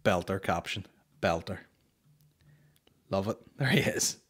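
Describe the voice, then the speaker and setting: A Northern Irish man hosts a comedy podcast, chatting casually, swearing a lot and slipping into mocking impressions. His voice is low, slow and husky.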